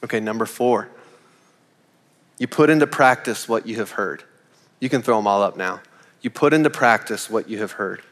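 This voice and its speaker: A man's voice: lowish voice, moderate pace, pauses often, fairly bright tone, in a large hall. A pastor preaching a sermon, earnest and repeating his key points, asking the congregation rhetorical questions.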